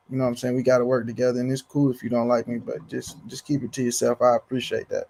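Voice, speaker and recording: A man's voice: medium pitch, level tone, quick pace, creaky, hardly any pauses, darkish tone. A man speaking emphatically in street slang during a casual panel talk, often repeating words as he starts a point.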